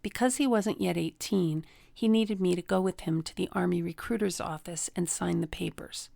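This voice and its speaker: This middle-aged host of a relationship coaching talk has a lowish, gravelly, slightly mellow voice and a moderate pace. She teaches by telling personal stories, raising her voice to act out whoever she's quoting, in a dry recording.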